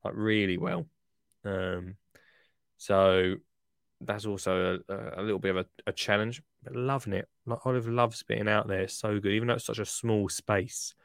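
Chatty man with smooth voice. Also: lowish voice, level tone, normal speed, no room sound, studio quality. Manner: chatty, rambling, jokey. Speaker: podcast host. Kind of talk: casual podcast chat.

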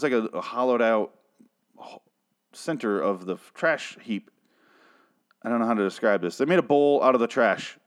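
Swearing, irritated man ranting a recap. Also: on the low side. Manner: irritated, swears often, restarts sentences. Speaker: TV episode recapper.

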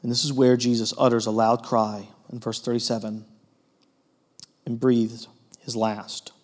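A man preaching a sermon in an earnest way, moving between emphatic stretches and hushed ones, with frequent fillers. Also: medium pitch, little pitch movement, unhurried. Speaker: pastor.

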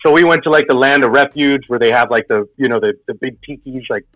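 A man's voice: medium pitch, fast talker, a bit bright, dry recording. A man telling a personal spooky story in a casual, rambling way, full of filler words. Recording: dull lo-fi sound with faint music.

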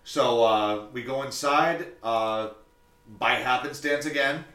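A man's voice: medium pitch, slow, roomy sound, distant mic. A man, a tattoo artist, telling a story on a casual podcast, swearing freely and acting out what people said. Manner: profane, animated, acts out quotes.

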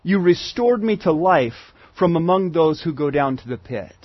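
A pastor with a high, slightly husky voice preaches in a casual, conversational way. He often restarts and repeats words as he goes. The recording is dull and dry. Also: animated, normal speed, no echo. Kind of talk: sermon. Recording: muffled lo-fi sermon recording.

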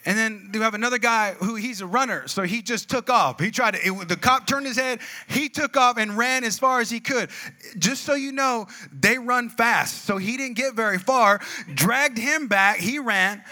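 A man preaching a sermon, telling a funny personal story, acting out voices and shouting asides to the congregation. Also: extremely high pitch, moderate pace.

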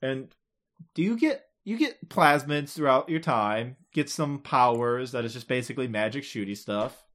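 A man's voice: mid-range voice, lively intonation, normal speed, a bit bright. Laughing male podcast co-host. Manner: laughs often, playful and teasing. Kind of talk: casual chat recapping a game.

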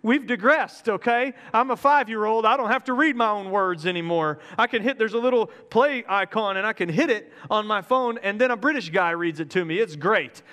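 A male pastor preaching with lively energy and casual humor. His voice sits a little high. The sound rings with the long reverb of a large hall. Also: brisk, few pauses. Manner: energetic, joking, conversational preaching. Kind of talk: sermon.

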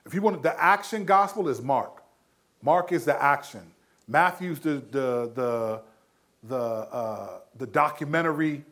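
A man hosting a faith talk show, casually giving Bible advice with easygoing slang and frequent chuckles. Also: a little high. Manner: laid-back and slangy, chuckles often, many restarts. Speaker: Christian podcast host answering questions.

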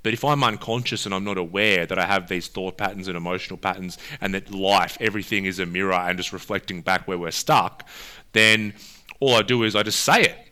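Male podcast co-host, lowish bright voice, earnest reflective chat. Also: brisk, smooth. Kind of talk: casual chat.

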